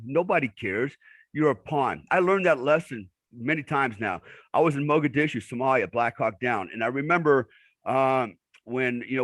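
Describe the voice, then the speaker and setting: Middle aged vet guy talking blunt, lots of "you know", dry close sound, middle pitch. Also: fairly bright tone, no room sound. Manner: blunt storytelling, heavy filler words. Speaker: guest, military veteran. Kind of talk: conversational interview.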